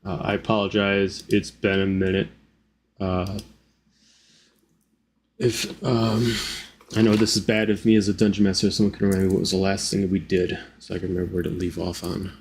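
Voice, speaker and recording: A man hosting as dungeon master in a tabletop game, talking casually with halting speech full of fillers. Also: sits low, level tone, slight background noise.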